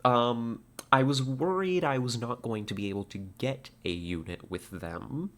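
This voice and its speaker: A man's voice: mid-range voice, a little slow, fairly bright tone. A man streaming live, chatting casually with viewers, laughing often and stumbling over his words. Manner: giggly, stammering, reads out chat puns.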